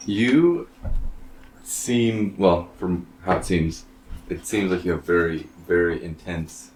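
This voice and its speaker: A man's voice: sits low, takes it slowly. A man interviewing, hesitant and feeling for his words as he asks his question. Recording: roomy, distant mic, faint background noise.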